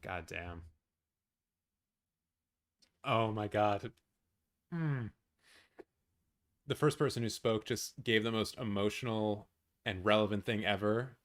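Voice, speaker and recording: A man hosting a live watch-along stream, chatting casually with his viewers, swearing often and reacting loudly. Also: lowish voice, slow, long pauses. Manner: excitable, swears a lot, talks to chat.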